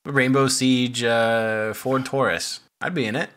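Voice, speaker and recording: Giggly man with a bright voice. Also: medium pitch, fairly even intonation, unhurried. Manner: laughs often, crude casual talk. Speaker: podcast co-host. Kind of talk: casual chat.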